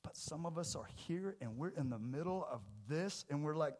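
A man preaches a sermon in a church with a slightly higher than average voice. His delivery is casual and jokey, with sudden loud, emphatic bursts. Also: lively intonation, moderate pace, hardly any pauses. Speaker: pastor. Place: church sanctuary.

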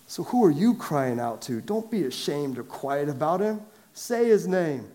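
A man preaching to a large church congregation, conversational and lively, asking them direct questions and raising his voice for emphasis. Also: high-pitched, unhurried. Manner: lively and conversational, swings from quiet asides to loud emphatic calls. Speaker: pastor. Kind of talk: sermon. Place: large church sanctuary with a downstairs.

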